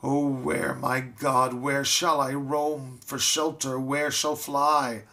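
A man's voice: medium pitch, level tone, takes it slowly, gravelly, bright, forceful tone, pitched above the performer's own voice, exaggerated voice. A man reading a ballad aloud, voicing a grief-stricken young woman with a raised, anguished, pleading delivery. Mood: frantic.

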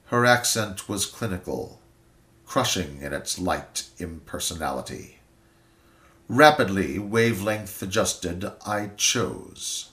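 A man reciting a poem in slow, dramatic, measured phrasing. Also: low-pitched, animated, fairly bright tone. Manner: measured, deliberate, weighty phrasing. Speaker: poetry reader. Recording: roomy echo.

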